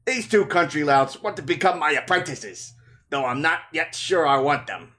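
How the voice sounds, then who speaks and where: A man voicing a smooth, showy male traveling storyteller, in a lively and somewhat high voice. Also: moderate pace.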